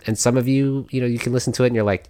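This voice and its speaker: A man's voice: medium pitch, steady tone, rapid-fire, dark tone, clean tone, no room sound, studio quality. A man hosting a podcast, talking in a casual, rambling way with many fillers and little laughs. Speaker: podcast host.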